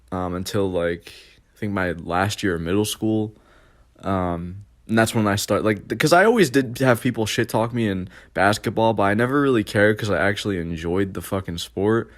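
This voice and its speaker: A young man hosting a podcast casually tells stories from his childhood, rambling and swearing with many fillers and restarts. His voice is fairly low and his pace moderate.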